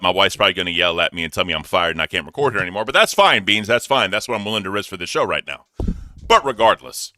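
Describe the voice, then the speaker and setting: A man co-hosting a casual online talk show, animated, loud and blunt, who swears. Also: deep voice, fast, no echo. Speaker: co-host. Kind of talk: casual chat.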